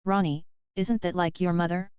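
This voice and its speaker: A woman's voice: lowish voice, flat delivery, moderate pace, clear, resonant tone, dry recording, lo-fi sound, natural voice. A woman reading the part of an earnest, persistent young Englishwoman in an audiobook. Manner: eager, persistent questioning.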